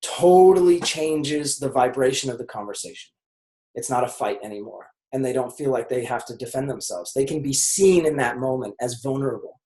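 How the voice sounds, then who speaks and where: A man's voice: medium pitch, moderate pace, dark tone. Casual male sales coach, echoey. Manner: casual, filler-heavy, acts out dialogue. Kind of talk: coaching call talk.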